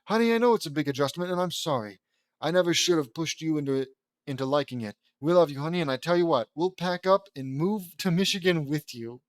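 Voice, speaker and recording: A man's voice: a little high, fast talker, no echo, natural voice. A man voicing a kindly middle-aged father talking on the phone, read in an earnest, polite way.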